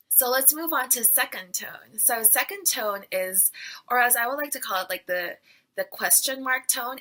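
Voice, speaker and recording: A chatty woman teaches pronunciation in a relaxed video lesson. Her voice is bright and clear, and she keeps saying syllables aloud to demonstrate. She talks in a loose, everyday way, full of fillers. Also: mid-range voice, poor audio. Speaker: Mandarin teacher.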